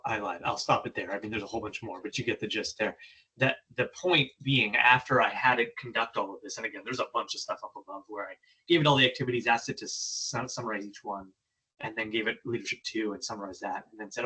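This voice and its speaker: A man presenting, explaining his demo in a relaxed, casual way. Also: fairly low pitch, slightly rough, low-quality recording.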